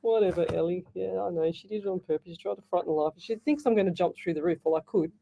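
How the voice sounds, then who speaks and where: A woman with an Australian accent hosting a live psychic call-in radio show, chatty and quick to laugh. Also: fairly low pitch, gravelly, mellow, lo-fi sound, slight background noise. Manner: chatty, laughs easily, reads messages aloud. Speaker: psychic medium radio host. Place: radio studio.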